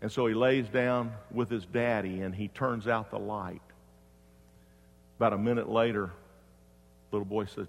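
A man preaching a sermon as pastor, swinging from loud emphatic preaching to hushed, quiet storytelling. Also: medium pitch, moderate pace, in a large hall.

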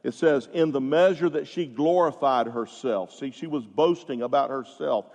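A man preaching a sermon as pastor, stressing his points with emphatic rises and drawn-out words. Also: medium pitch, darkish tone, in a large hall.

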